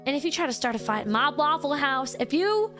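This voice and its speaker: A woman's voice: high-pitched, sing-song, fairly quick. A woman voicing a sassy, drawling Southern waffle-diner waitress who is folksy but threatening. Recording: streamed with music behind.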